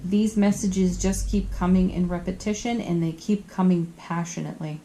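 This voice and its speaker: A woman doing a tarot card reading, earnest and gentle, tired, often giggling at herself. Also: fairly low pitch, steady tone, moderate pace, slight background noise. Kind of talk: spiritual card reading to camera.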